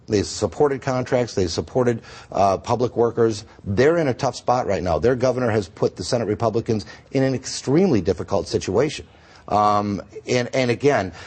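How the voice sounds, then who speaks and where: A low-voiced man with a slightly husky tone argues his case earnestly as a guest on a morning news show. He speaks emphatically, pressing his points one after another, clearly picked up by a clip-on mic in a studio. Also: a little mellow. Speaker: state senator, guest. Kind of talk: TV news interview.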